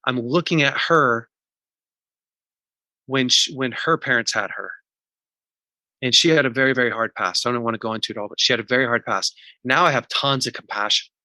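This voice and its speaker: Interview guest, male, bright and forward tone, candid, walks through his process step by step. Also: mid-range voice, a little fast, pauses often, no echo. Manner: earnest, teaching in numbered steps; candid and emotional about personal pain. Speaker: podcast guest, recovery coach. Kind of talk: podcast interview.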